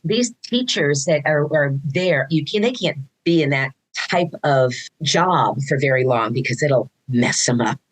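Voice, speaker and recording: A woman's voice: low-pitched, low-quality recording. A woman guest in a casual interview, talking about her son, telling stories with lots of restarts and acting out what people said. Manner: animated storytelling, acts out quoted dialogue, frequent restarts. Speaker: guest, mother of a neurodivergent son.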